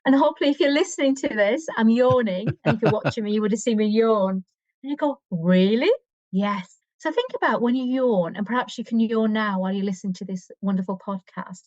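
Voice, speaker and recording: A woman's voice: medium pitch, a little fast, darkish tone, no room sound, lo-fi sound. A woman guest expert giving conversational podcast advice on stress, with a coaching manner, frequent restarts and fillers.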